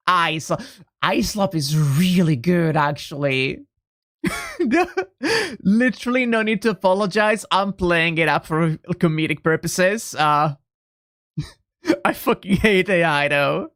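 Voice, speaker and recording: A woman's voice: lowish voice, takes it slowly, pauses often, fairly bright tone, no echo, clean studio sound. A woman streaming a video game, chatting casually, joking and swearing as she plays. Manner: profane, joking, laughs often. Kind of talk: casual gameplay commentary.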